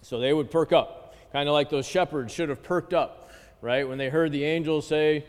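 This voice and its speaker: A man leading a Bible study lesson who keeps checking in with his listeners by asking "okay?" and "right?". He reads Greek and Hebrew phrases aloud slowly. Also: a little high, lively intonation. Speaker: Bible class teacher. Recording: reverberant hall.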